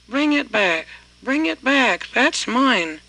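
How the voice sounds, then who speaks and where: A man voicing a slow, heavy stone-clad giant in a folk tale, speaking plainly and repeating himself. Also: sits high, flat delivery, bright, forceful tone, exaggerated voice, rough recording. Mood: pleading loudly. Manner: plain spoken, repetitive.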